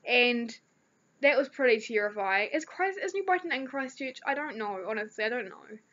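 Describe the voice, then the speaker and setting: A teenage girl with a New Zealand accent chats to her camera with a slightly high voice. She rambles through a story with plenty of fillers. The recording sounds dull and lo-fi. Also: lively intonation, normal speed, a bit bright. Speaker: vlogger. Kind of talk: casual chat.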